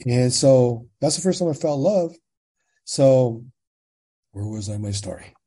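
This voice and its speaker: A man in his sixties from California recounts his life as a guest, his voice mellow and slightly husky. He speaks at a middling pitch and brings past conversations back to life by acting out each side. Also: unhurried. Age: 60s. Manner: animated retelling, quotes dialogue, frequent tag questions. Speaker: podcast guest. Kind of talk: personal storytelling in conversation.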